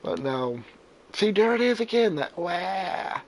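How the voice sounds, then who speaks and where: A man in his twenties hosts a gaming stream, casually telling long, rambling stories full of swearing and self-corrections. His voice is high-pitched and very animated, yet his pace is slow. The recording quality is low.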